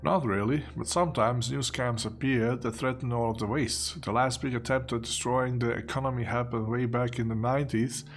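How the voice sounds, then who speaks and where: A smug male bureaucrat speaks in a put-on British accent, as a man reads his lines, officious and evasive. The voice sits at a middling pitch. Faint game music plays underneath. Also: fairly even intonation, moderate pace, hardly any pauses, lightly acted. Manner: officious, self-satisfied, evasive. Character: pompous male city bureaucrat in a post-apocalyptic town. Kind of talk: reading game dialogue aloud.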